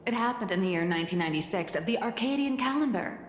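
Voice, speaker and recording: A woman's voice: medium pitch, expressive, fast, a little hiss or hum, natural voice. A woman playing a smug, theatrical magazine founder in a video game cutscene. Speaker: editor-in-chief. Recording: roomy reverb with game music.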